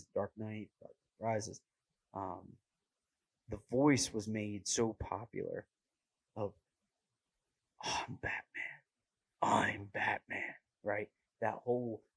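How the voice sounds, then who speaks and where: A man's voice: fairly low pitch, a little mellow, breathy edge, no room sound, poor audio. A young man hosting a podcast, chatting casually with a rambling, self-mocking humor and lots of fillers. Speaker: podcast host. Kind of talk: casual chat.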